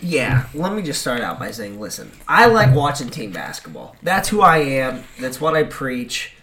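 A man's voice: mid-range voice, big pitch swings, moderate pace, a bit bright, slight background noise. A man from Indiana co-hosting a casual sports chat, ranting heatedly and emphatically. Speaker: co-host.

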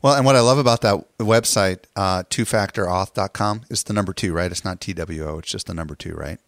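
Fast-talking low-voiced male host. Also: a bit bright, no room sound, studio quality. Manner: quick, chatty, asks questions. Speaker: podcast host. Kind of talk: casual interview chat.

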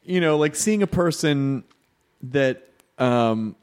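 A man's voice: lively intonation, slow pace, a little mellow, clear, resonant tone. Rambling man in casual podcast chat. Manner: rambling, self-interrupting, acts out quotes in high voices.

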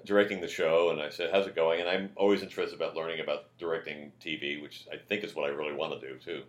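Deep-voiced man telling a story. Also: fast talker, echoey room. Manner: loud, animated when quoting others. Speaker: comedian guest. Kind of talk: casual storytelling chat.

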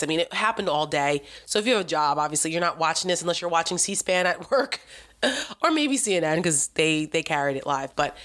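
A woman's voice: fairly low pitch, fairly bright tone. A woman giving an opinionated, sarcastic political commentary monologue, talking with exasperation and emphasis.

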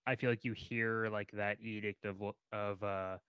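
A man's voice: on the low side, little pitch movement, moderate pace, fairly bright tone, clean tone, no echo. A man co-hosting a podcast. He talks in a hesitant way, often trails off, and drops dry little quips. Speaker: podcast co-host. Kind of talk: casual sports chat.

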